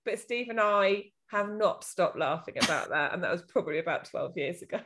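A woman's voice: fairly low pitch, animated, brisk, fairly bright tone. A woman co-hosting a podcast in casual chat, blunt and sweary, laughing often. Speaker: podcast co-host.

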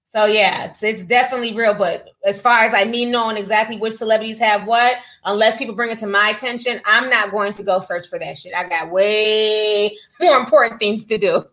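A woman speaks briskly at medium pitch with a fairly bright tone, recorded in low quality. As host of a casual gossip livestream, she reads super chats aloud, laughing often, adding sassy comments, and saying "honey" and "child."

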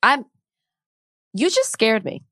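A woman co-hosting a podcast in a casual chat, animated and quick to laugh, repeating words when worked up. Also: fairly high pitch, dry recording, studio quality. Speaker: podcast co-host.

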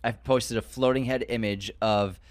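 A man with a Boston accent co-hosting a podcast in casual chat, opinionated and quick to laugh. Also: medium pitch, steady tone. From Boston area. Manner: laughs often, chatty and opinionated. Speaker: podcast co-host.

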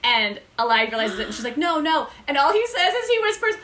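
A young woman hosting a casual book chat, gushing over favorite scenes and softly reading passages aloud. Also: high-pitched, brisk. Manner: gushing, animated, drops soft when reading. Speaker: book club podcast host.

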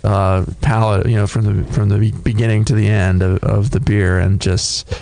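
A man co-hosting a beer podcast, casually describing a tasting in a thoughtful, halting way with many fillers. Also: lowish voice, level tone, a little mellow. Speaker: podcast co-host reviewing beer.

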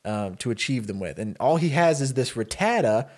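A man in a casual podcast chat, spinning a story for his co-host. He slips into the characters' lines with quick, animated bursts, then drops back to his plain middle-pitched voice.

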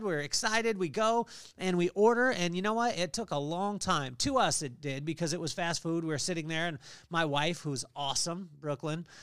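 A middle-aged man hosting a podcast, giving a lively motivational faith talk with family stories and scripture readings. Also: a little high, clean tone, dry recording, clean studio sound. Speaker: podcast host.

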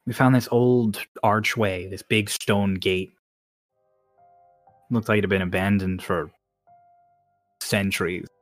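A man's voice: on the low side, steady tone, slow pace, pauses often, no room sound, faint music behind. A man voicing a laid-back, blunt woman sailor with a Cockney accent and clipped, offhand phrasing.

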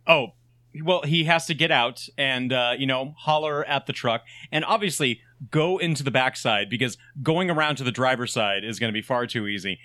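A man co-hosting a casual podcast, laughing as he excitedly recounts movie scenes. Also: mid-range voice, moderate pace, no echo. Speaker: podcast co-host. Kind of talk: casual movie recap chat.

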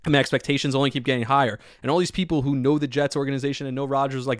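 A man hosting a solo sports podcast, talking in an excitable, rambling way with lots of filler words. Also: mid-range voice, very fast, no echo, studio quality. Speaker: podcast host.

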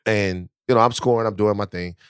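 A man's voice: lowish voice, fairly even intonation, a little fast, clear, resonant tone, dry recording. Loose-talking storyteller man on a dry podcast mic. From Baton Rouge, Louisiana. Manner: loose, profane storytelling with frequent restarts. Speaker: podcast co-host. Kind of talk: casual podcast chat.

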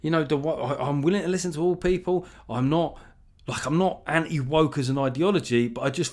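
Sweary, sardonic South London man. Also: medium pitch. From England. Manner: rambling with restarts and chuckles. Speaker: podcast host. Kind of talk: casual podcast chat.

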